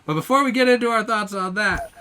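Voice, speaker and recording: A young man hosting a casual podcast, telling an animated story, acting out quotes loudly and laughing often. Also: high voice, fast, a little hiss or hum. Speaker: podcast host. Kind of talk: casual chat.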